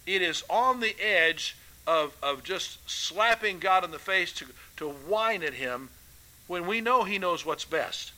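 A man's voice: sits high, lively intonation, a little slow, sharp tone, rough recording. A man preaching a sermon with emphatic rhetorical questions and folksy asides.

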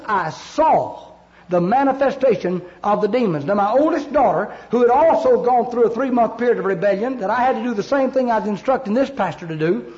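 A man's voice: very high-pitched, a little mellow. A man preaching an emphatic revival sermon, telling a story with a repetitive, pleading cadence to his congregation. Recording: echoey lo-fi church recording.

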